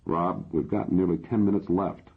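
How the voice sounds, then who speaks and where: A man voicing a calm, persistent male AI therapist in an audiobook, asking patient probing questions. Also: low-pitched, normal speed, breathy edge. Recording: dull lo-fi audio.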